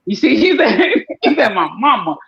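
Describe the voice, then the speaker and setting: Animated woman telling stories, lo-fi sound. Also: on the high side, moderate pace, gravelly. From up north, United States. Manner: animated storyteller, acts out voices of others. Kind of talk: casual panel chat. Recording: dull lo-fi sound.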